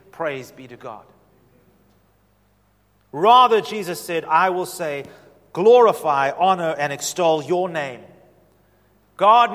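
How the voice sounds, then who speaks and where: A man preaching a sermon with passion, his delivery swinging from loud to soft. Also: high-pitched, big-room sound. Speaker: pastor.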